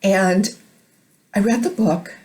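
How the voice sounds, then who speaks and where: A woman's voice: medium pitch, fairly even intonation, takes it slowly, warm tone, a little hiss or hum. A woman from Minnesota delivering an emotional, urgent monologue to camera for her video blog. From Minnesota, United States. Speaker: video blogger.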